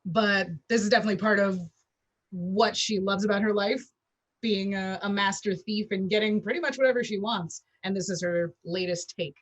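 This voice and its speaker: A woman's voice: mid-range voice, steady tone, normal speed, no echo, rough recording. A woman guest on a video-call interview, speaking with enthusiasm in a loose, casual way. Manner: enthusiastic, loose with fillers and restarts. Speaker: game writer and interview guest.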